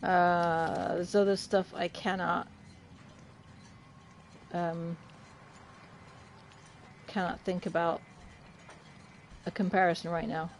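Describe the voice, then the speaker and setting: A woman's voice: on the low side, flat delivery, takes it slowly, long pauses, slight background noise. A woman from the UK chatting casually with her livestream chat while playing, laughing often. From United Kingdom. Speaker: game streamer.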